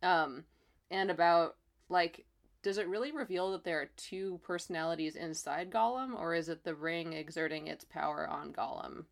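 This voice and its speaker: A woman thinks out loud about a book, circling back with plenty of fillers and restarts. Her voice sits a little low. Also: normal speed, gravelly. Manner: rambling, filler-heavy. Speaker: book club member. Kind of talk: casual chat.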